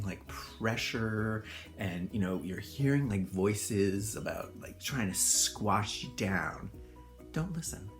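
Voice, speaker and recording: A middle-aged man, a hairdresser and salon owner, telling a personal story in an animated way, laughing as he goes. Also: lowish voice. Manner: animated, laughing, acts out voices in quotes. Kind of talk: storytelling monologue.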